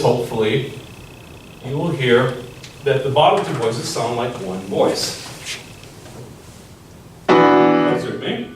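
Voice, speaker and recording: A man's voice: mid-range voice, slight background noise. Man teaching music theory in an echoey room. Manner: measured, explanatory, pauses to think aloud. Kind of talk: instructional lesson with piano demonstrations. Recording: roomy echo, far from the mic, piano playing. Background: piano.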